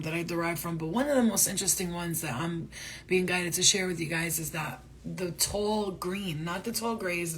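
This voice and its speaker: Woman, spiritual reader, casual reading to camera, profane, rambling, excitable, lowish voice. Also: slight background noise.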